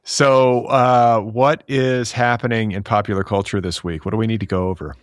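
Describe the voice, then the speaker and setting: A man hosting a podcast, teasing his co-host in a dry, deadpan way. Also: fairly low pitch, moderate pace, no room sound. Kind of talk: casual podcast banter.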